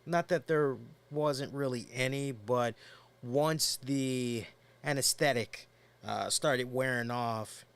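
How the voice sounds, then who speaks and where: A man's voice: medium pitch, steady tone, takes it slowly, a bit bright, smooth. A man hosting a podcast, chatting casually and telling a rambling story with lots of fillers while nursing a headache. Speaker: podcast host. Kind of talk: casual chat.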